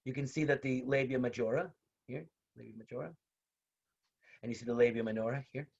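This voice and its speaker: Over a video call with dull, lo-fi sound, a man teaches a relaxed online university class, talking conversationally, going over points again, and adding personal asides. His voice is medium in pitch and fairly quick, with fairly even intonation, vocal fry, a slightly mellow quality, and a breathy edge.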